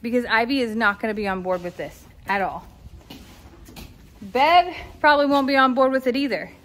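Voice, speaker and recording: High, bright-voiced chatty farm woman. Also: normal speed. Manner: chatty, coos and talks sweetly to the animals. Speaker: farm animal caretaker. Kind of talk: casual vlog narration. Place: outdoors on a farm among animals.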